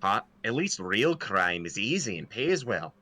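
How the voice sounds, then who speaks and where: Grumpy sweary player dude, slow talker, bright sharp voice. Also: male voice, lowish voice, very animated. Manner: grumbling, sweary. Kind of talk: casual chat.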